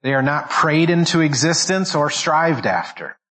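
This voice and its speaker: A pastor delivers a sermon in a fairly high, slightly bright male voice with lively intonation at a normal pace, captured on poor audio. He stresses each word and thinks aloud, often restarting and repeating phrases.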